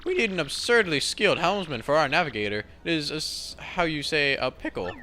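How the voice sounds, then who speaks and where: A man's voice: fairly high pitch, lively intonation, a little fast, sharp tone, pitched above the performer's own voice. A man voicing a pompous, flamboyant male merchant captain with grand, theatrical phrasing. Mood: grandiose.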